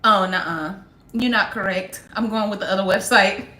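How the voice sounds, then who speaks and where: A young woman chatting casually to viewers on a livestream, sarcastic and quick to laugh. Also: mid-range voice, steady tone, bright, forceful tone, reverberant. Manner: sarcastic, laughs often, talks straight to viewers. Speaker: livestream host.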